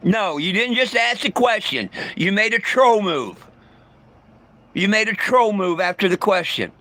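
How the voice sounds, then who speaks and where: Profane man with a high, bright voice. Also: lively intonation, a little slow. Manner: blunt and profane, stammering restarts, irritable. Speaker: vlogger livestreaming to viewers. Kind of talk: casual livestream rant.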